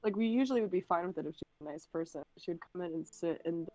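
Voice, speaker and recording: A woman's voice: fairly low pitch, rapid-fire, dark tone, no room sound, low-quality recording. A young woman chatting casually on a stream, telling long rambling stories full of "like" and giggles. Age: young adult. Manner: rambling storyteller, many "like"s, giggly. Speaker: guest.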